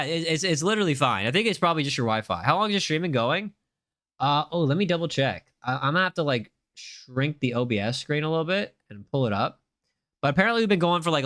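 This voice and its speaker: A man's voice: a little high, fairly bright tone, dry recording. A young man live-streaming a game, chatting casually and reading viewer comments aloud with a jokey, rambling manner. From United States. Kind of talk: casual live-stream chat while gaming.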